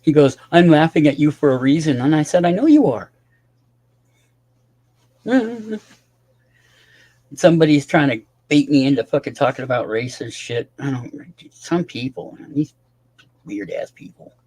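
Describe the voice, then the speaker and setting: A man's voice: a little high, lively intonation, moderate pace, pauses often, a little mellow. A tired man rambling casually to his livestream chat, swearing often and talking to viewers by name.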